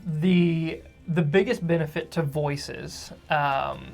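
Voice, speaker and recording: A man co-hosting a podcast in casual chat, who calls himself a fast talker. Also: on the high side, steady tone, creaky, darkish tone, faint music behind. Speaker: podcast co-host.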